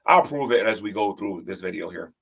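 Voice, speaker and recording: A man with a low voice gives casual livestream commentary and reads out the chat. His voice is gravelly and husky. He sounds defensive, and he often stumbles, repeats words and restarts his sentences. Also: lively intonation, brisk, fairly bright tone.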